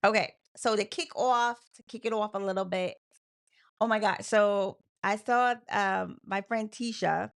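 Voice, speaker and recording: Chatty woman with a gravelly edge. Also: medium pitch, steady tone, measured pace. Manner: chatty, laughing often. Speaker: co-host. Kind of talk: casual chat.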